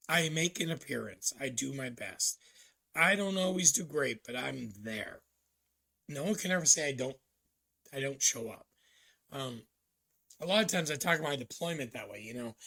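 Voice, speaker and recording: A man with a gravelly, husky voice that still carries a sharp, tense edge. He talks to camera in a casual personal vlog, thinking aloud in a halting, reflective way, full of ums and restarts. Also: mid-range voice. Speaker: vlogger.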